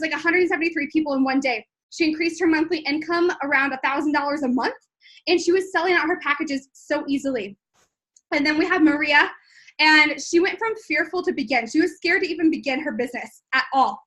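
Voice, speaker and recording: A woman in her twenties, a business coach talking excitedly to viewers in a live stream, gushing with lots of likes and ums. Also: high-pitched, a little fast. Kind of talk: live-streamed sales talk.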